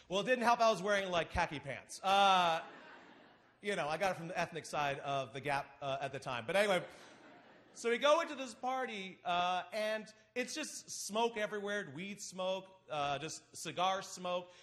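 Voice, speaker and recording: A man with a lively, high-pitched voice tells a funny story live on a big theater stage. He is animated and acts out his friends' lines, and his voice swings up and down as he builds to each joke. He speaks into a stage microphone. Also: normal speed. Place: large theater stage before an audience.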